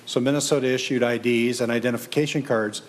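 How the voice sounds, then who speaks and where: A man, a state senator, presenting a bill to a committee in measured, prepared remarks. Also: medium pitch, steady tone, a little hiss or hum. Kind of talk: formal testimony. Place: legislative hearing room.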